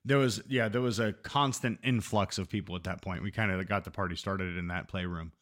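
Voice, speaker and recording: Man, co-host, lowish voice, relaxed, wry, teasing. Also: fairly quick. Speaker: podcast co-host. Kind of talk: candid casual chat.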